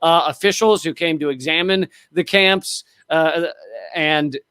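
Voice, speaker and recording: A man co-hosting a podcast talks politics in a rambling, blunt way, stopping and restarting his sentences often. His voice is slightly high for a man. The recording is dry and close. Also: unhurried, pushed and bright, smooth, no room sound. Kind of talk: casual political chat.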